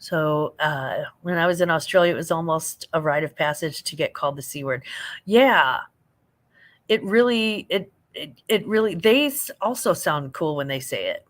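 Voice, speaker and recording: A woman's voice: low voice, lively intonation, moderate pace. An American woman hosting a casual late-night livestream, chatting with viewers, reading their comments and laughing often. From United States. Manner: chatty, laughs often, reads chat aloud. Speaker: livestream host.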